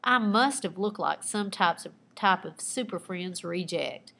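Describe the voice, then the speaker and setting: A woman teacher reading aloud her own personal narrative with lively expression, pausing to point out the writing techniques she used. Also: on the low side, vocal fry. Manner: expressive storytelling with asides pointing out figurative language.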